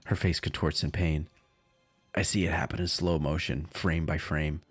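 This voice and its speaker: A man's voice: a bass voice, steady tone, moderate pace, breathy edge, no echo, faint music behind. A man streaming a visual novel, reading it aloud dramatically and breaking into crude, jokey asides.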